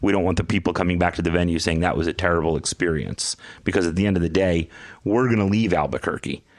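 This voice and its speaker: A man's voice: low voice, fast, dry recording. A man chatting as a podcast guest, explaining his business at length with enthusiasm. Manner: enthusiastic, talks in long run-on explanations. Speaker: guest, VIP experience company executive. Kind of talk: casual podcast conversation.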